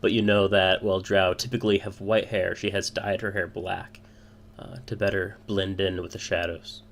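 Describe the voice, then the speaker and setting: A man's voice: sits low, flat delivery, normal speed, creaky, a little hiss or hum. A man narrating a tabletop game as game master, hesitant and full of filler words.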